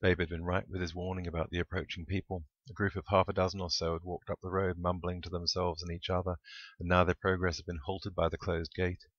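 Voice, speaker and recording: A man reads his own comic storybook aloud with a wry, deadpan delivery and a very low voice. The recording is dull and lo-fi, dry and close. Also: fast, no echo. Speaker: author reading his book. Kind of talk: audiobook narration.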